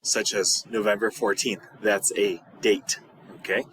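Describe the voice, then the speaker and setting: A man teaching a recorded video lesson as a high school Spanish teacher, patient and repeating words slowly. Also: steady tone, a bit bright, slightly rough.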